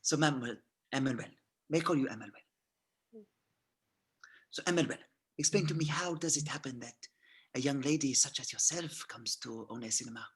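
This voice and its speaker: A smooth, menacing SS colonel who probes politely and drops into soft, husky asides, read by a man at a script reading. His voice sits at an ordinary male pitch, with a breathy grain to it. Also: fairly quick, long pauses. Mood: probing.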